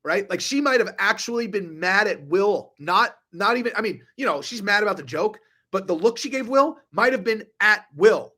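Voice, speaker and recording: A man's voice: high-pitched, expressive, moderate pace, hardly any pauses, pushed and bright. A man ranting on a live stream, profane and rambling, restarting his sentences often. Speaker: online commentator.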